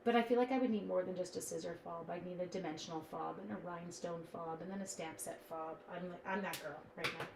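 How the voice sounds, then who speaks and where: A woman's voice: lowish voice, fairly even intonation, quick pace, gravelly, hardly any pauses, roomy sound, background noise. A woman hosting a casual live-stream craft demonstration from her home craft room, chatting with viewers in the chat as she works. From Canada.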